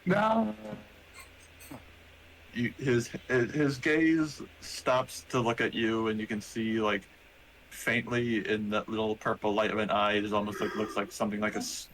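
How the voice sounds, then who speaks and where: A man's voice: on the low side, monotone, moderate pace, fairly bright tone, slight background noise, rough recording. A man narrating a tabletop game character in a rambling, casual way, with many fillers. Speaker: player narrating a robot character.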